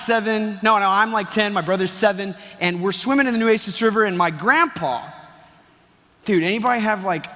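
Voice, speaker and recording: A man from Texas, telling a chatty story to a live conference audience and quizzing the crowd as he goes. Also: high voice. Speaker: conference speaker. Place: large conference hall. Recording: dull sound, reverb of a big hall.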